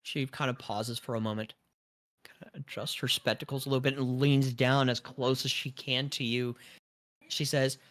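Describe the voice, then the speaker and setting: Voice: mid-range voice, level tone, normal speed, fairly bright tone. A game master narrating a tabletop role-playing game in a casual, hesitant way, with many fillers.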